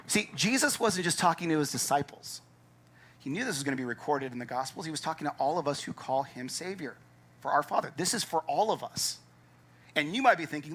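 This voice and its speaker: A man's voice: a little high, fairly quick, slightly rough. A man preaching a sermon as pastor, emphatic and conversational, acting out his listeners' doubts. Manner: animated, acts out doubting listeners' thoughts.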